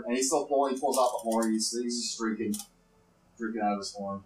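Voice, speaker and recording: A man's voice: medium pitch, fairly quick, darkish tone. Casual game-master man, roomy room. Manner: loose, hesitant, with fillers. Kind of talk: narrating a tabletop game. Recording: roomy room with faint noise.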